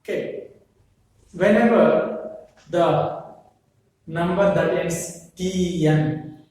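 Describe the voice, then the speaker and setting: A man gives a lecture slowly, pausing often and asking rhetorical questions. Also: a little high, a little mellow, very echoey, far from the mic, poor audio. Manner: slow, with frequent pauses and rhetorical questions. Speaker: English lecturer. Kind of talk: classroom lecture.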